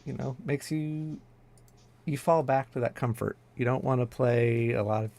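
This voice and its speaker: An easygoing male esports co-caster in casual chat, modest about his own play. His mid-pitched voice has a gravelly fry running through it. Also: normal speed, warm tone. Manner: easygoing, self-deprecating.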